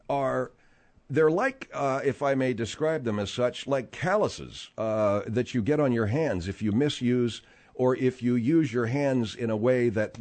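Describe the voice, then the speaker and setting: Animated man hosting a talk show. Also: medium pitch. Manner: animated, rambling explanations with many fillers. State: slightly strained voice. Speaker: radio talk show host. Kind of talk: casual talk show chat.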